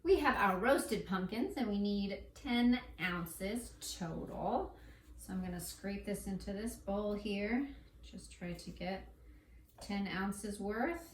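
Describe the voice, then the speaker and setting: A woman's voice: mid-range voice, slow pace, a little hiss or hum. A woman hosting a home baking show, walking through a recipe in a playful, chatty way and talking to her dough as she works in a kitchen. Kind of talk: casual cooking tutorial. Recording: echoey room, mic at a distance.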